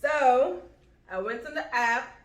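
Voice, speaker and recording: A young woman from Guyana co-hosting a casual eating vlog, chatty and quick to laugh. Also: sits high, lively intonation. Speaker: vlog co-host. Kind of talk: casual mukbang chat. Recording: echoey room.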